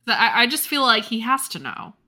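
Bright, lively young woman musing aloud. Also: fairly high pitch, fairly quick. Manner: thoughtful, asks questions and muses aloud. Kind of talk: casual chat.

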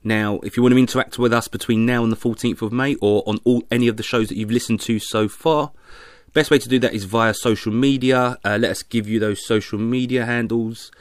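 A man hosts a casual podcast, jokey and laughing through the banter. His mid-pitched voice is close and dry with no room sound. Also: steady tone, fairly quick, no echo. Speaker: podcast host. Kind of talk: casual chat.

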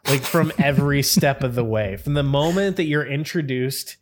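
A man's voice: medium pitch, normal speed. A man co-hosting a casual podcast, telling a story in a rambling way, with frequent "like" fillers and bursts of laughter. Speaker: podcast co-host.

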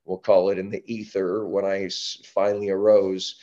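Canadian guy, lowish voice, chatty guest telling stories, keeps restarting, does little voices for quotes, kinda dull lo-fi sound. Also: moderate pace. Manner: animated storyteller, many restarts, acts out quotes. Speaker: podcast guest, breath-work company founder. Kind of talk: casual interview storytelling.

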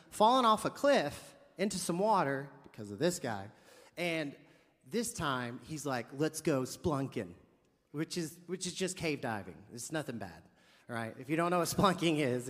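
A man's voice: a little high, big-room sound. A man preaching a sermon, telling a funny story with lots of acted-out dialogue and comic asides. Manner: animated, jokey storyteller acting out dialogue.

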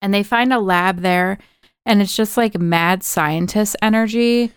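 Clear-voiced woman chatting on a podcast. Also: medium pitch, a little slow, no room sound, clean studio sound. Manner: chatty storytelling, many "like" fillers. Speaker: podcast co-host. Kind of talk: casual film recap chat.

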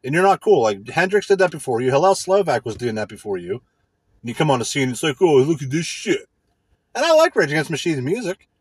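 Husky man ranting with profanity. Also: fairly high pitch, sing-song, fast, dry recording. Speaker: podcast host. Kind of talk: casual ranting monologue.

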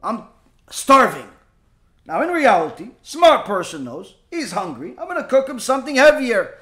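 A man teaching a Torah lesson through lively, animated storytelling with asides and fillers. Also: very high voice, normal speed. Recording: echoey room.

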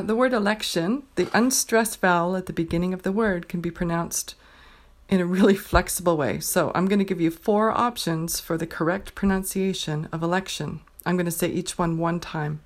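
A woman teaching pronunciation, slowly reading a numbered word list and saying each word twice with careful clarity. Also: lowish voice. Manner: says each word twice, clearly and deliberately. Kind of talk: slow dictation of a word list.

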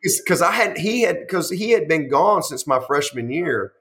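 Animated middle-aged man telling stories. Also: on the high side, moderate pace. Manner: animated, rambling, with frequent restarts and quoted dialogue. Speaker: head football coach. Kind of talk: storytelling in a conversational interview.

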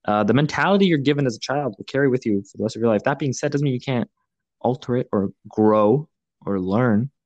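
A young man hosting a podcast, talking in an earnest, reflective way, pausing often with fillers. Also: medium pitch, darkish tone, dry recording, highs cut off. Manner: earnest, thoughtful, halting with many fillers. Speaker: podcast host. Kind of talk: reflective casual podcast talk.

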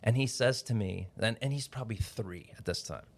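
A man's voice: on the low side, fairly quick, slightly rough. A middle-aged man, a pastor and guest author, talking in a casual podcast interview and telling family stories with growing animation. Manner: warm storyteller, grows animated and laughing in anecdotes.

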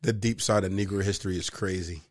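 Very deep-voiced joking podcast cohost. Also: male voice, fairly even intonation, darkish tone, no echo, studio quality. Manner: quick joking interjections. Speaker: podcast co-host. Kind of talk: casual chat.

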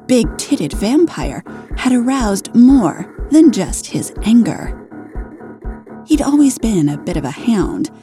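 A woman narrating an erotic story in a slow, sultry reading, with faint music behind. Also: mid-range voice.

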